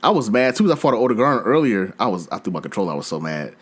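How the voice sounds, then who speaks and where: A man's voice: on the low side, rapid-fire, breathy edge. A man hosting a podcast, chatting casually and acting out his own reactions as he tells gaming stories. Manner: animated storyteller, acts out his own reactions. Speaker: podcast host.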